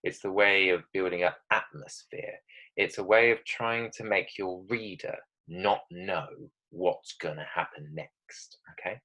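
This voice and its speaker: A man's voice: sits low, expressive, measured pace, creaky, sharp tone, low-quality recording. A male teacher giving a recorded writing lesson, talking emphatically, often checking in with "okay?" and reading example sentences dramatically.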